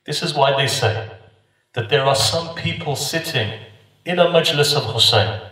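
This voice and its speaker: A man's voice: a little high, expressive, moderate pace, bright, forceful tone. Impassioned male preacher in echoey room. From United Kingdom. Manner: rhythmic, repeating refrains, rising and dropping for emphasis. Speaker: speaker at a mourning gathering. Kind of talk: impassioned sermon. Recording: very echoey, voice from a distance.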